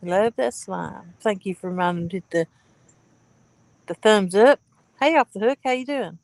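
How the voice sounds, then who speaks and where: A woman's voice: mid-range voice, expressive, normal speed, vocal fry, a little mellow, dry recording, poor audio. A woman streaming live from a pontoon boat outdoors, chatting casually with viewers in a laid-back way and greeting them by name.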